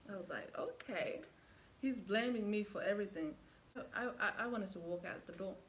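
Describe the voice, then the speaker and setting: A woman's voice: medium pitch, brisk. Young woman doing a storytime vlog, chatty, talks right to viewers, bit of faint hiss behind. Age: young adult. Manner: animated storyteller who acts out quoted dialogue; chatty, addresses viewers directly. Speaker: vlogger. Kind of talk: storytime vlog, casual retelling.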